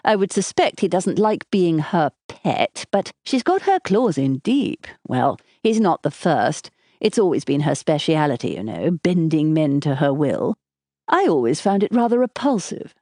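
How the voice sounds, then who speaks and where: A playful, affectionate husband from a storybook mystery, put on by a female narrator. His tone is mellow and warm and moves freely in pitch. The recording is dry and close. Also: big pitch swings, unhurried, dry recording, exaggerated voice. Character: charming teasing husband, man in his thirties.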